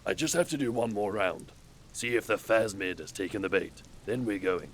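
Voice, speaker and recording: A man's voice: fairly low pitch, normal speed, slight background noise, close to an everyday voice. An actor playing a patient, stuffy-sounding male cryptozoologist in a video game. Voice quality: stuffy, polite. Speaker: game character.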